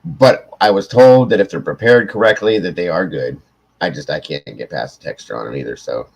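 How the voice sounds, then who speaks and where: A livestream host with a very low, deep voice, tired after hours on air. He rambles through stories in loose, casual chat and swears freely. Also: a little fast, vocal fry, breathy edge, highs cut off. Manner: rambling, profane storytelling.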